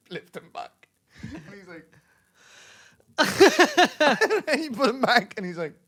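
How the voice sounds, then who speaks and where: A man's voice: very high-pitched, huge pitch swings, takes it slowly, bright, forceful tone, breathy edge, dry recording, clean studio sound. Sweary laughing man. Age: 30s. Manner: rambling, sweary, laughs through stories. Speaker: podcast co-host. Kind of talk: casual chat.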